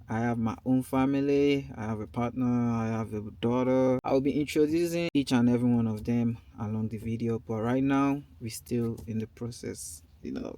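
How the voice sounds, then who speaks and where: A man's voice: mid-range voice, a little mellow. A man from Nigeria in his thirties with a Nigerian accent, talking loosely and conversationally in a casual vlog recorded in a car. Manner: loose and conversational, drifting between topics. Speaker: vlogger.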